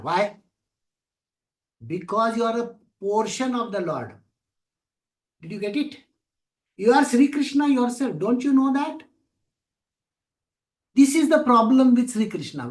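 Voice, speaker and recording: A man teaching a class on scripture, telling stories with lively acted-out voices and asking his listeners questions. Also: very high voice. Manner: animated storytelling, acting out voices of people and gods. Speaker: spiritual teacher.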